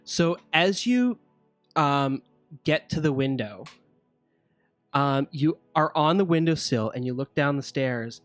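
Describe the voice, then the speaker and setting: A man narrating as game master, halting and relaxed, with many fillers. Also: a little high, no room sound, faint music behind.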